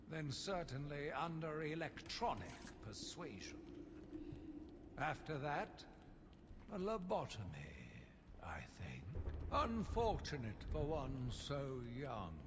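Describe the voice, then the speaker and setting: An actor playing a cold, calculating male asylum warden in a game audio diary, speaking slowly and measured, sometimes dropping to a whisper. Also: medium pitch. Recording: reverberant game audio with noise.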